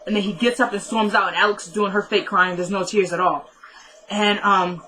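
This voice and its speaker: A woman's voice: mid-range voice, fairly even intonation, moderate pace, bright, forceful tone, a little hiss or hum, poor audio. Chatty woman recapping a show. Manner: chatty, retells scenes with frequent "she goes" and "he's like". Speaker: TV episode reviewer. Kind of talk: casual recap of a TV episode.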